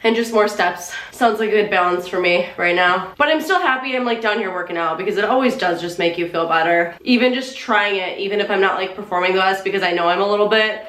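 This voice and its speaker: A woman's voice: mid-range voice, fast, few pauses. A woman vlogging casually at home, chatty and full of fillers and little laughs, sounding congested and a bit out of breath. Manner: chatty, filler-heavy, frequent "like" and soft laughs. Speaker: lifestyle vlogger. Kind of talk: casual vlog chat to camera. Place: at home, by her desk and treadmill.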